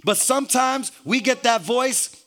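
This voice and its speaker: High, bright-voiced preacher man. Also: measured pace. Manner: peppers every phrase with "hallelujah", rising to shouts; stumbles and repeats words, jokes with the congregation. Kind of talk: sermon.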